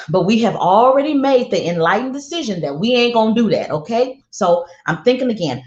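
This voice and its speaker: Blunt woman telling a story in an echoey room. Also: medium pitch. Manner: candid, profane, repeats lines for emphasis. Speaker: parenting speaker. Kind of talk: storytelling monologue to an audience. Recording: echoey, dull lo-fi sound.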